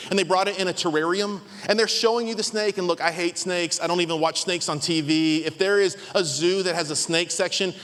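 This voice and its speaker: A man in his thirties preaching a sermon as a pastor, telling a story and acting out the voices in it. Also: high voice. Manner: animated, acts out voices in his stories. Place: large church hall. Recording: long hall reverb.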